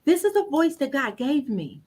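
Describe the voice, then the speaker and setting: Woman, high light voice, branding coach, emphatic, preacherly cadence. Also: wildly swooping pitch, moderate pace, darkish tone, rough recording. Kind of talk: inspirational coaching talk.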